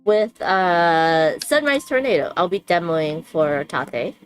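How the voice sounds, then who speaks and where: A woman's voice: on the low side, lively intonation, slow pace, soft background music. A woman chatting casually with her live-stream viewers while unboxing a board game, bubbly, laughing often and using many fillers. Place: home room with noisy bathroom upstairs.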